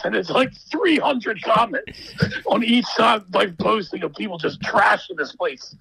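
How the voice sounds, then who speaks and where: A man's voice: high-pitched, lively intonation, moderate pace, vocal fry, bright, forceful tone, breathy edge, no echo, poor audio. A man talking as a podcast guest, ranting emphatically in casual, profane chat.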